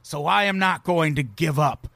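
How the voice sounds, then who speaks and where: A man's voice: on the high side, moderate pace, gravelly, fairly bright tone, no echo. A man co-hosting a casual comedy podcast, sarcastic and swearing freely as he riffs on the news. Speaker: podcast co-host.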